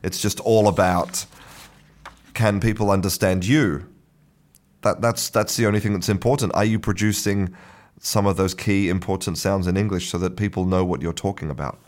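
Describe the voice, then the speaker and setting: A man teaching English in a relaxed, unscripted way, often restarting his sentences and chuckling. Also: deep voice, normal speed. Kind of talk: casual talking-head lesson.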